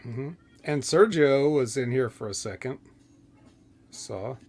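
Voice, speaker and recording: A man's voice: medium pitch, slow, soft background music. Easygoing male podcast co-host. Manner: relaxed, reads out viewer comments. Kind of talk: casual wrestling show chat.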